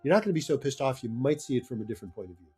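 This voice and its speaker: Husky-voiced male therapist explaining. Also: medium pitch, very animated, very fast, dark tone, soft background music. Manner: earnest, laughs between points. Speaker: therapist guest. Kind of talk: conversational explaining.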